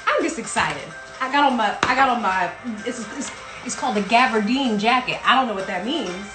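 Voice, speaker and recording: A woman's voice: on the high side, expressive, a little fast, echoey room, music in the background. A woman from South Carolina with a Southern accent, hosting a playful, chatty livestream show from her home. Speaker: host. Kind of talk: casual livestream chat. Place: home in Brooklyn.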